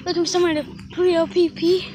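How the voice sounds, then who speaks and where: A teenage girl vlogging outdoors with her dogs, excitable and out of breath, calling them loudly. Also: extremely high pitch, fast. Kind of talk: casual dog vlog. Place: outdoors at a park. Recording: noisy outdoor phone recording.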